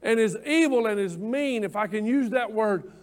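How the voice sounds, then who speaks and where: Pastor guy preaching, high voice, folksy and chatty, keeps repeating himself. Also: animated, moderate pace. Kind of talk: sermon.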